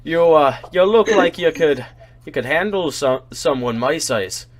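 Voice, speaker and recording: A man voicing a brash, boastful tavern brawler in a tabletop game, loud and taunting. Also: on the high side, lively intonation, measured pace, voice pushed up. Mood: sizing up.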